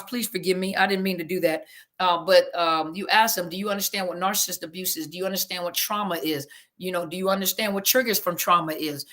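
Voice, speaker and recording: A woman therapist chats live with her listeners, reading their comments aloud and answering them. Her voice is bright and forward, and she keeps apologizing to everyone in a flustered, homey way after technical slips. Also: medium pitch. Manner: apologetic, flustered, Southern-flavored casual speech. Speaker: therapist hosting a live audio room. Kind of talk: casual live-stream chat, reading comments.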